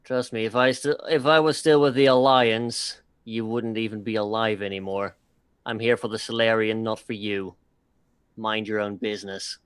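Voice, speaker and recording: A man's voice: lowish voice, level tone, moderate pace, smooth, no room sound. A man playing a tabletop role-playing game, speaking in character in a firm, terse way. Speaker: player.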